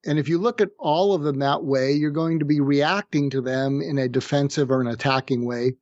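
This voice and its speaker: A middle-aged man with a somewhat high voice explains conflict techniques calmly and methodically, slowing down to act out example lines. The sound is dry and a little muffled, as if over a remote link. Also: dry recording. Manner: calm, explanatory, acts out sample phrases slowly. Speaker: psychiatrist guest. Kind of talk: conversational podcast interview. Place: room with street noise outside.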